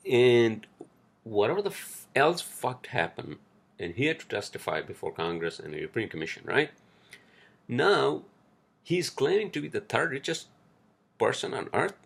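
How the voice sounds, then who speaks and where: A man's voice: mid-range voice, vocal fry, breathy edge. A man hosting a solo podcast, rambling and swearing heavily as he rants about the news, then reading an article aloud. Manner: profane, ranting, rambling with restarts. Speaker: podcast host.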